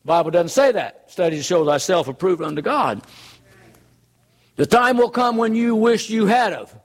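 A man's voice: high voice, animated, normal speed. A man preaching a sermon in an earnest, conversational way, full of rhetorical questions.

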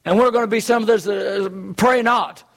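A man's voice: high voice, fairly even intonation, normal speed, fairly bright tone. A man preaching a sermon in an earnest, conversational way, full of rhetorical questions.

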